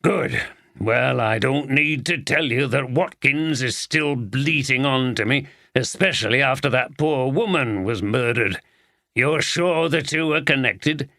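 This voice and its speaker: A man voicing a gruff, blunt older police chief with a Yorkshire accent, in an audiobook. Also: medium pitch, a little slow, bright, forceful tone, dry recording, studio quality. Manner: blunt, swears casually.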